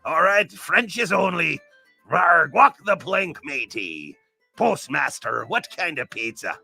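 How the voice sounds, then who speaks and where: A boisterous pirate pizza chef, as a man puts him on, all growled yargs and rough pirate slang. The voice is gravelly and husky, pitched up a touch and very bright and sharp. It swings widely up and down. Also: big pitch swings, takes it slowly, soft background music, heavily acted. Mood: hammy, boisterous. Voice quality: gravelly and raspy. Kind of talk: comic live-stream bit.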